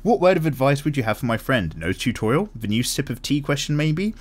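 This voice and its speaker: A man's voice: medium pitch, very animated, a little fast. A man hosts a casual art chat, reading viewer comments aloud in a rambling, self-deprecating way with frequent ums. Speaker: art channel host.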